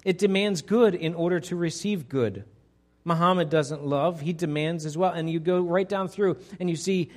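A pastor preaching a conversational sermon to his congregation, swinging between loud emphasis and quiet, hushed lines. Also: a little high. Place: church sanctuary.

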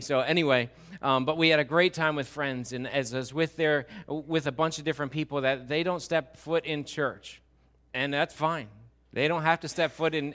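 A man's voice: mid-range voice, fairly bright tone. A man preaching a sermon in a church, talking to the congregation in a conversational way and joking with them. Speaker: pastor.

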